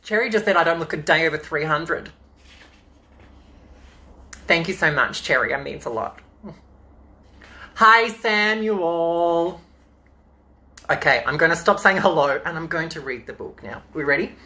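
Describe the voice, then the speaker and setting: A man's voice: a little high, animated, a little fast, bright, forceful tone. A man with an Australian accent reading children's books aloud as a drag queen during a live-streamed storytime from home into a phone, chatting in a playful, campy way between pages.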